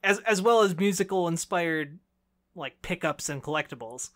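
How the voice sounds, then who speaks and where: A man's voice: sits high, lively intonation, moderate pace, a bit bright. A man co-hosting a video game podcast, chatting casually in a playful, teasing, argumentative way. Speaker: podcast co-host. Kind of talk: casual chat.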